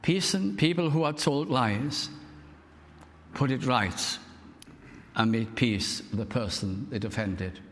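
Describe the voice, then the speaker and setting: A man's voice: medium pitch, slow, long pauses, fairly bright tone, a little hiss or hum. An older man from Wales preaching a storytelling sermon, building to fervent emphasis. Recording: long hall reverb.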